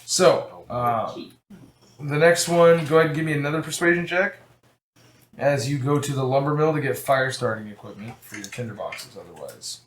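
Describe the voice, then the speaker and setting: A man's voice: mid-range voice, moderate pace, a little hiss or hum. Game master guy rambling through the scene, casual, echoey room. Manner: casual, rambling, many restarts. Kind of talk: narrating a tabletop game.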